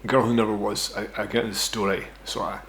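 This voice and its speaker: A man's voice: lowish voice, level tone, fairly quick, fairly bright tone, a little hiss or hum. A Scottish man in his thirties tells a personal story as a casual vlog, rambling and swearing, often tagging lines with "right?". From Scotland. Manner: rambling, profane, self-mocking, fond of "right?". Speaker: vlogger telling a personal story.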